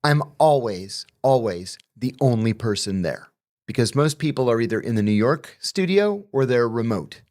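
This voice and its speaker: A man, a former intelligence officer appearing as a guest, telling anecdotes in a measured, explanatory way. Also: medium pitch, expressive, a little mellow. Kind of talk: conversational interview anecdotes.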